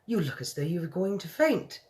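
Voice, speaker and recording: A woman's voice: fairly low pitch, big pitch swings, a little fast, darkish tone, pitched above the performer's own voice. A woman reading a storybook aloud and voicing a refined, self-controlled elderly queen with a posh, exclamatory manner. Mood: commanding.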